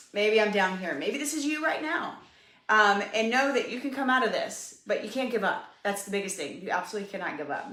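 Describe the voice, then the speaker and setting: A woman's voice: medium pitch, fairly bright tone. A woman giving an upbeat, encouraging live fitness coaching talk, speaking straight to her viewers. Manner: upbeat, encouraging, talks to viewers as "you guys". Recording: echoey room.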